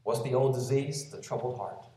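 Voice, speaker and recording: A man preaching a sermon, gently walking through a scripture passage and quoting it as he goes. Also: mid-range voice, normal speed. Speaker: pastor. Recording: very echoey room, voice from a distance.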